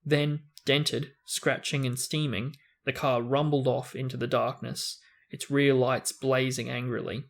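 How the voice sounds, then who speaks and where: A man's voice: mid-range voice, measured pace. Man reading a novel aloud expressively. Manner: expressive reading with small restarts. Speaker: book discussion host.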